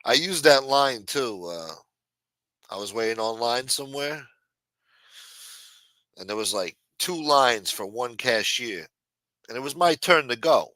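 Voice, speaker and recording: A sharp-toned man with a medium-pitched voice hosts a livestream, recorded dry. Talking casually and crudely to his chat, he dramatizes the quotes in the stories he retells.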